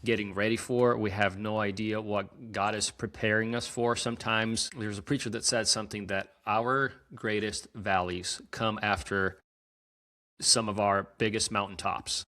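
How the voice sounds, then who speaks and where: A man hosting a conversational podcast, thoughtful and encouraging as he reflects on his guest's stories. His voice sits somewhat low. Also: little pitch movement, moderate pace, sharp tone. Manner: reflective, encouraging, faith-minded remarks. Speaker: podcast host. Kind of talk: conversational interview.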